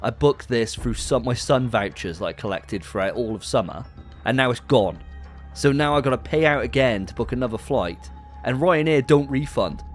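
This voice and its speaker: A man's voice: medium pitch, expressive, moderate pace, faint music behind, natural voice. A man doing a ranting agent robbed of his holiday. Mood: indignant. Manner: ranting, sweary. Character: exasperated young male agent losing his holiday.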